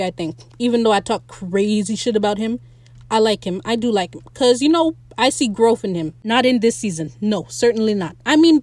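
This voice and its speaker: A young woman hosting a casual, opinionated TV recap, blunt and animated and quick to laugh. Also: on the high side, dry recording. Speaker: podcast host recapping a TV episode.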